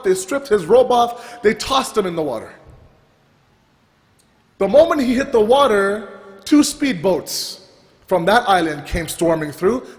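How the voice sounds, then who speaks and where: High-voiced man preaching in a hall. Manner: animated storytelling with repeated restarts. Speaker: religious speaker. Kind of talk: sermon storytelling. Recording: reverberant hall.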